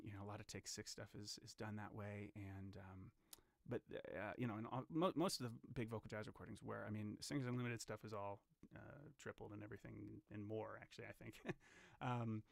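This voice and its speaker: A man's voice: medium pitch, gravelly, a bit bright, dry recording. A man, a vocal jazz arranger and educator, chatting casually on a livestream between recording takes, thinking aloud and chuckling at his own slips.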